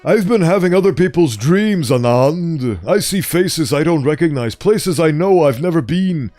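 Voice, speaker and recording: A weary, frightened researcher, read aloud by a man, speaks in halting, distressed bursts. His fairly high voice rises and falls with feeling. Soft music plays faintly behind him. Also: lively intonation, no room sound, natural voice.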